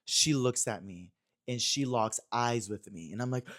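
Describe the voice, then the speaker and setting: A man's voice: medium pitch, a little fast. Gossipy young man spilling a story. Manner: gossipy, animated, with slang and many fillers. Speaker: podcast host. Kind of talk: casual storytelling chat. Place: Los Angeles.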